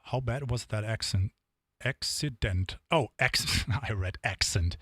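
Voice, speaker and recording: A man's voice: on the low side, takes it slowly, a bit bright, husky, no echo. Dry-sounding man chatting on stream. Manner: chatty, rambling between songs. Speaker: drumming live streamer. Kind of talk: casual chat to stream viewers.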